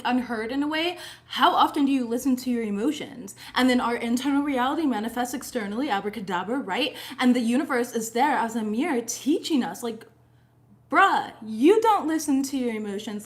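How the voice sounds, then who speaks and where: A young adult woman giving a casual tarot reading, chatty and profane, often laughing. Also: high-pitched. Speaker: tarot reader.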